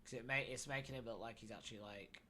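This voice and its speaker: A man's voice: mid-range voice, fairly even intonation, quick pace, pushed and bright, slight background noise. A young man streaming live, chatting casually and thinking aloud while building a character.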